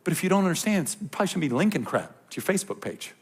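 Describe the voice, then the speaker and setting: Male pastor with a high, raspy-edged voice, preaching and swinging between hush and shout, joking asides. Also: very animated, rapid-fire. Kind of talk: sermon to a congregation.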